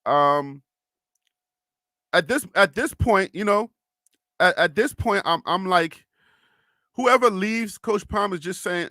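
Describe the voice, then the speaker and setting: A man's voice: high-pitched, lively intonation, slow, long pauses, bright, forceful tone, no echo, clean studio sound. A young man hosting a casual sports live stream, chatting loosely and reading viewer comments aloud with frequent laughs.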